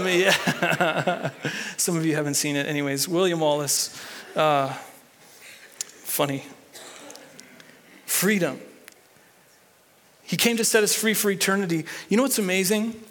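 A man's voice: on the high side, unhurried, long pauses, fairly bright tone. A man preaching a sermon as pastor, talking conversationally, repeating key lines and restarting words, and leading the congregation in reading aloud. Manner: leads the congregation in reading and call-and-response.

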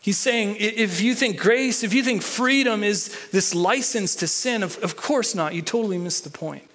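A man with a high-pitched voice delivering a sermon as pastor. His talk is loose and conversational, with stumbles, restarts and lines said twice for emphasis. He draws the congregation into reading along and answering back. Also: normal speed, a bit bright. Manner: leads the congregation in reading and call-and-response.

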